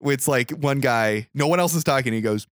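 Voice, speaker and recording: This podcast host walks through a film one scene at a time in a relaxed recap, acting out dialogue and swearing freely. He speaks at medium pitch and a moderate pace, captured in clean studio sound with no echo.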